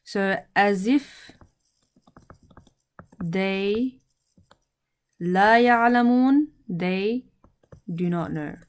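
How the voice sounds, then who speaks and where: A woman teaching Arabic grammar in English, speaking slowly and deliberately and repeating each word with its meaning. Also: mid-range voice.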